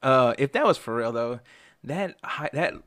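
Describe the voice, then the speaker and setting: A man in casual chat about a movie, laid-back and acting out quotes in a higher voice. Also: animated, normal speed, a bit bright.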